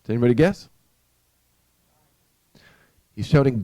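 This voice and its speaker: Male preacher, relaxed dark tone, close dry recording, chatty story delivery with restarts. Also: medium pitch, dry recording. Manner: conversational, halting with restarts. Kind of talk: storytelling sermon. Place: church.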